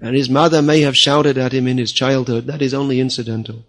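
A man giving a spiritual lecture at an ordinary, mid-range pitch. He speaks firmly and scolds his listeners. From time to time he mimics the people he criticizes. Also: level tone, fast, fairly bright tone. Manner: firm, scolding, quotes others in mock voices. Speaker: spiritual teacher. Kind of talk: religious lecture.

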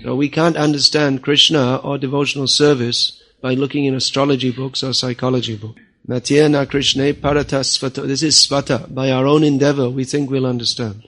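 A man's voice: medium pitch, level tone, brisk, a bit bright. Man giving a firm spiritual lecture. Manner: firm, scolding, quotes others in mock voices. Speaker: spiritual teacher. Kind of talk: religious lecture.

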